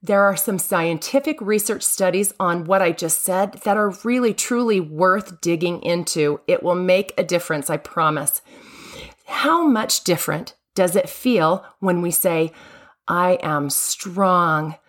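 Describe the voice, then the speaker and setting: A woman's voice: lowish voice, measured pace. A woman hosting a devotional podcast, speaking earnestly and lingering on key phrases for emphasis. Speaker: podcast host.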